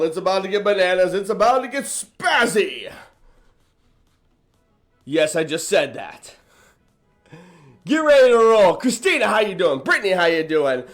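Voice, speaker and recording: Hyped up guy running a motivation livestream, pretty high voice, chanting and hollering at viewers. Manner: energetic, hype, repetitive chants, leads viewers in movement.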